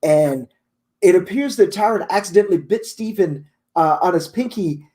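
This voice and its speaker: Man, high voice, storyteller, repeats words, laughs a lot. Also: animated, moderate pace, warm tone. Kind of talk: casual chat and storytelling.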